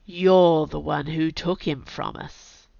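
A woman with a cold voicing an imperious young princess who speaks slowly and deliberately. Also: deep voice, fairly even intonation, gravelly, dark tone, dry recording, exaggerated voice. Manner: slow and deliberate. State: has a cold. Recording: dull, dry audio.

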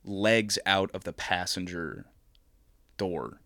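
A young man with a very low, deep voice tells a rambling story on a casual podcast. He swears freely, strings thoughts together with "like", and trails off mid-sentence before picking the thread back up. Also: takes it slowly, gravelly, bright, forceful tone, no room sound, studio quality. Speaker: podcast co-host telling a story.

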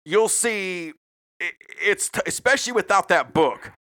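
High, bright-voiced podcast host. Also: male voice, expressive. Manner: profane, rambling, quick to joke. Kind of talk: casual true-crime podcast chat.

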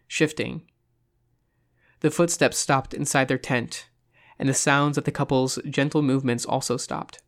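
A narrator reading a horror story aloud in a measured, suspenseful manner. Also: mid-range voice. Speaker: audiobook narrator.

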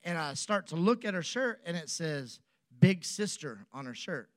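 A man's voice: fairly high pitch, normal speed, no room sound, studio quality. A man, a pastor telling a humorous personal story in a sermon and acting out both sides of a phone call. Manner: animated, acts out both sides of a dialogue.

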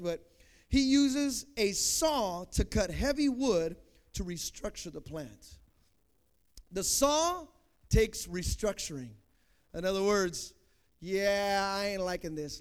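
A young man preaching a sermon as a pastor, swinging from loud emphatic peaks to quiet conversational asides. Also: sits high, lively intonation, unhurried, clean tone. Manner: preaching, rising to loud emphatic peaks then dropping soft.

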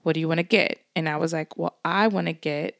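A woman with a lowish voice tells a long story in casual podcast chat. She rambles a little and laughs often. The sound is close and dry. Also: steady tone, fairly quick, vocal fry, no echo. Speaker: podcast co-host.

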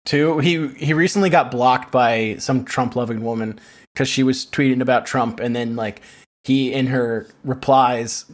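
A man's voice: mid-range voice, unhurried. A man co-hosting a podcast, telling anecdotes in casual chat and laughing often. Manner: storytelling, laughing often, mimics others. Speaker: podcast co-host.

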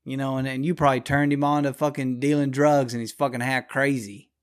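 A man's voice: mid-range voice, flat delivery, a little fast. A man hosting his own show, delivering a blunt, profane, rambling solo rant.

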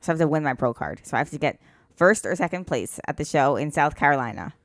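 A woman's voice: sits low, animated, fast talker, no echo, studio quality. A woman with a Long Island accent, a podcast guest explaining things in casual chat, full of "like". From Long Island, New York. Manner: explanatory, peppered with "like".

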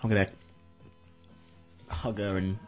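In a radio studio, a podcast host chats casually, rambling and joking with frequent laughs. His voice is lowish, level, and darkish, his pace slow, with soft music playing in the background.

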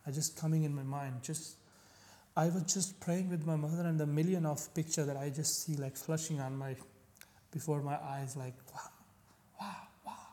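A man from Pakistan, telling his personal faith story as an interview guest in earnest, halting English. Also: on the high side, fairly even intonation, mellow, in a large hall. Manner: earnest, halting non-native English with restarts. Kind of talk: personal faith testimony in conversation.

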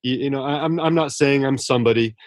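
A man being interviewed as a writer, talking earnestly and warmly about his mentors, often restarting his sentences. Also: mid-range voice, fast, no echo. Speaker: author guest. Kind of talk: casual interview talk.

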